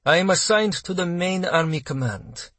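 A man's voice: high-pitched, lively intonation, moderate pace, fairly bright tone, dry recording, voice pushed up, exaggerated voice. A man voicing an icy female army colonel. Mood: cold. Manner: clipped, hard and contemptuous. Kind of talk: audiobook character voice.

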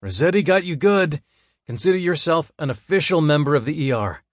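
Male reader as a teasing coworker nurse, jovial, lifted pitch. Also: animated, a little fast, no echo, clean studio sound.

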